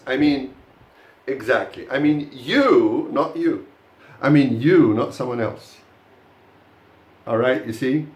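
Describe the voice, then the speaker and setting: A man's voice: mid-range voice, roomy sound. A man teaching a live pronunciation lesson to a class, speaking to the students directly with many fillers and restarts.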